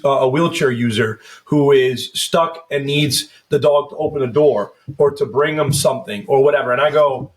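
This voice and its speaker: A man in his thirties hosting a casual podcast as a first responder, telling profane, rambling stories and slipping into mock voices. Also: medium pitch. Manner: profane, loose storytelling that slips into mock voices.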